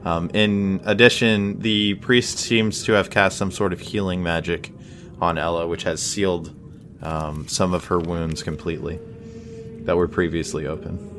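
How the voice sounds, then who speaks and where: A man narrating as game master of a tabletop game, halting, with many fillers. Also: sits low, fairly even intonation, a bit bright, soft background music.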